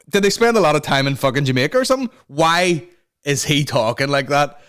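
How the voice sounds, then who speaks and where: A man's voice: on the high side, brisk, clean tone. A man hosting a solo comedy podcast, swearing freely and breaking into mimicked voices. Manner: profane, excitable, mimics voices mid-story. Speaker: podcast host.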